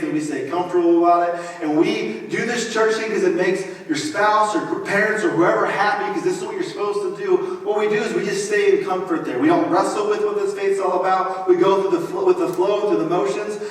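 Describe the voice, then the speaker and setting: A man in his thirties preaches in a relaxed, chatty way, dropping jokes into the sermon. His voice sits a bit high for a man. It rings through a big reverberant hall, picked up from a distance. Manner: conversational, joking asides. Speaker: pastor. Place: large church auditorium. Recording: echoey hall, mic from afar.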